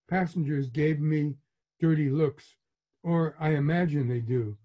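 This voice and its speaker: Slow, mellow older man reading memoir. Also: fairly high pitch. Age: 80s. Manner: slow, measured, reflective. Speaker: author. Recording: muffled lo-fi recording.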